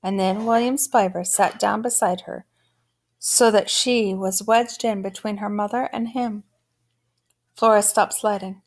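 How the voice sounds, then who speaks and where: A woman reading a children's novel aloud, telling the story at a steady pace. Her voice has a noticeable gravelly texture. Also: mid-range voice, a little slow. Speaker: audiobook narrator.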